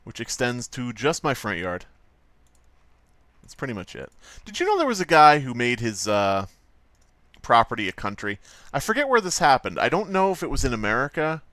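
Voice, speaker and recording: A man's voice: medium pitch, big pitch swings, moderate pace, a bit bright, no echo. Male streamer, mid-range voice, loose joking ramble with plenty of cursing, dry. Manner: rambling, joking, swears freely. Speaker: livestream host. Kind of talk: casual livestream chatter while drawing.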